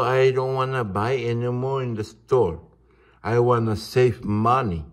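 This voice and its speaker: A man, ranting in a halting, indignant monologue. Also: lowish voice. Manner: indignant, halting, restarts words. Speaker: vlogger.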